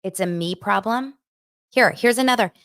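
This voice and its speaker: A woman's voice: medium pitch, normal speed, a bit bright, clear, resonant tone, dry recording. A woman hosting her own daily show, speaking candidly and emotionally into a microphone, rambling and restarting as she goes. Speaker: host of a daily pop culture show. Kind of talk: candid casual chat. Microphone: studio microphone.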